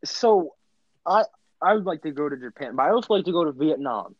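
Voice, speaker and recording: A man's voice: a little high, expressive, a little fast, no room sound. A young man co-hosting a podcast in casual chat, throwing out absurd jokes and rambling tangents. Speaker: podcast co-host. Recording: dry, dull lo-fi mic.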